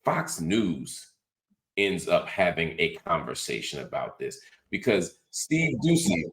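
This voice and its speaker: Low-voiced guy doing sarcastic political commentary, animated and mocking. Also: slow. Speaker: host.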